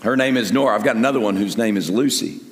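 An older man preaching a sermon as pastor, rising to loud peaks and dropping to soft asides. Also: lowish voice, fast talker. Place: large church sanctuary with long reverb. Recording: echoey hall with long reverb.

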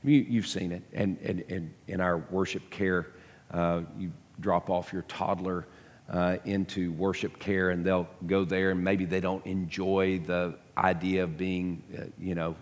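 A man's voice: low voice, in a large hall. A man preaching a sermon to his congregation, emphatic, often repeating words as he builds a point. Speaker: pastor. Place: church sanctuary.

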